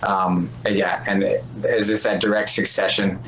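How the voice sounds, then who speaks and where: Male guest, low voice, halting, echoey room sound. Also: flat delivery, fairly bright tone, a little hiss or hum. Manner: halting, many restarts and ums. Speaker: podcast guest. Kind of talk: casual interview chat.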